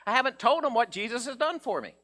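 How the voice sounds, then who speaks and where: Animated preacher, high lively voice. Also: male voice, fast. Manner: folksy, animated, acts out voices of Bible characters. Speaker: pastor. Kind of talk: sermon.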